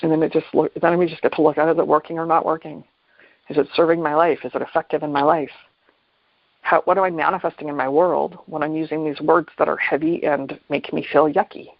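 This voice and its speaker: A man hosting a reflective solo talk on mindfulness, unhurried and thoughtful, often pausing and restarting his phrases. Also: fairly high pitch, level tone, creaky, no room sound. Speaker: podcast host. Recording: dull lo-fi dry recording.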